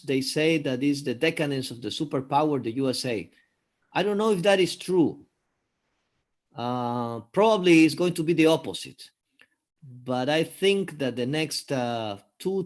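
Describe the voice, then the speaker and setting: A man from Peru talking through current events in a casual conversation, thoughtful and hesitant, with many pauses and fillers. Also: on the high side. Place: live video call.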